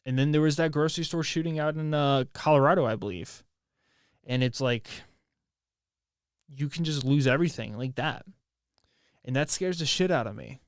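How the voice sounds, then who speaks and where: A man from the United States hosting a solo podcast from home, talking in a halting, emotional way and swearing often, with many restarts. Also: on the high side, dry recording, clean studio sound. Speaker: podcast host. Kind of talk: casual solo podcast monologue. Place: at home, near his bed.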